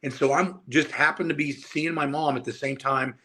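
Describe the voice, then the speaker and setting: A man in his forties from Indiana, a guest telling stories in a casual interview, animated and casually profane. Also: a little high, moderate pace. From Indiana, USA. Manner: animated storyteller who acts out dialogue and swears casually. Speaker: guest, powerlifter and strength coach.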